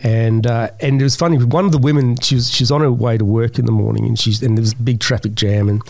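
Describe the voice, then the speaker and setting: An Australian man speaking as an interview guest, spinning long stories in a lively way. He acts out the voices of the people he describes. The sound is dry and close, with no room echo. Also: medium pitch, fast talker, vocal fry. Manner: animated storyteller, acts out voices in his anecdotes. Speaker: guest, yowie researcher. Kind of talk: casual storytelling interview.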